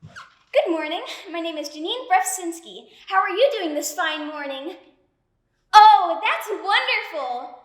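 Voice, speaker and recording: A woman's voice: very high-pitched, expressive, normal speed, sharp tone, exaggerated voice. A young woman performing a monologue as an anxious young woman who rehearses for a college interview and scolds herself. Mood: flustered. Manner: frantic self-scolding, chattering to herself. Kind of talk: stage monologue. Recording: roomy echo.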